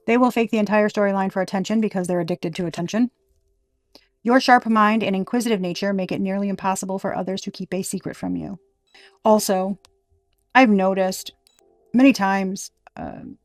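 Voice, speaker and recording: A woman's voice: mid-range voice, darkish tone, no room sound, clean studio sound. A woman giving a casual tarot reading, talking frankly and emphatically and swearing now and then. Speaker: tarot reader.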